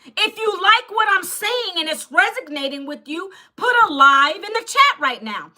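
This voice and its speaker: Loud, blunt woman in her 50s. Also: extremely high pitch, very animated, normal speed. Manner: loud and blunt, close to yelling; scolds chat viewers directly. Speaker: livestream host selling an online program. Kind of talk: live-stream sales talk to chat.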